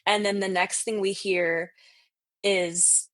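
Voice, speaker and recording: A woman's voice: mid-range voice, little pitch movement, slow pace, fairly bright tone, dry recording. A woman telling a ghost story in casual chat, full of "like" fillers, who acts out the voices she quotes. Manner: chatty, heavy on "like" fillers. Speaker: podcast guest telling ghost stories.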